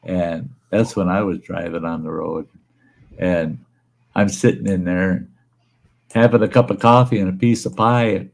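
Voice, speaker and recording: A gravelly, fairly low-voiced man hosting a casual livestream from home. He tells rambling, folksy stories, laughs often and swears now and then. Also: fairly even intonation, unhurried. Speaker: livestream host. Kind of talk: casual chat and storytelling. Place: room at home where he smokes.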